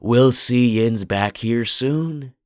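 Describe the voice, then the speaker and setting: A man voicing a hoarse old country storekeeper with an eerie, drawling way of talking. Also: medium pitch, slow, a little mellow, dry recording, studio quality, pitched above the performer's own voice, natural voice. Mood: eerie, knowing.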